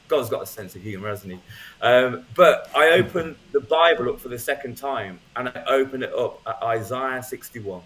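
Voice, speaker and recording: Man telling his life story, relaxed. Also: mid-range voice, unhurried. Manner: conversational with frequent ums and restarts. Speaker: guest speaker. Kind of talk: personal testimony, casual storytelling.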